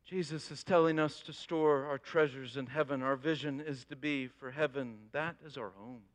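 A man preaching a sermon as a pastor, telling an animated illustration to his congregation with rising emphasis. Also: medium pitch, normal speed.

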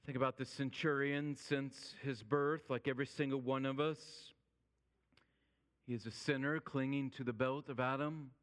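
A man's voice: medium pitch, fairly even intonation, normal speed. Man preaching with long hall echo. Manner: dramatic swings from loud urgency to hushed near-whisper. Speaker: pastor. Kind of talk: sermon.

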